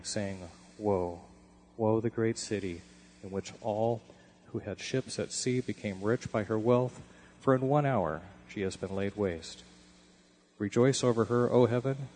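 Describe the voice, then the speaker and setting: Low-voiced man reading scripture solemnly. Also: darkish tone, a little hiss or hum, rough recording. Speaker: scripture reader.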